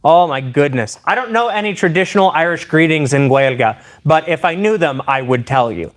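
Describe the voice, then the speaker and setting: A man live-streaming a demonstration of improvised weapons. He talks to his chat in an excitable, playful way. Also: on the high side, normal speed. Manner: excitable and playful, addressing viewers directly.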